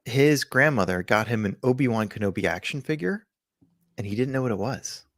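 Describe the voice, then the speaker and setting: A man's voice: mid-range voice, animated, fairly quick, a bit bright, no echo, studio quality. A man co-hosting a podcast in casual chat, telling stories in a rambling, jokey way. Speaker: podcast co-host.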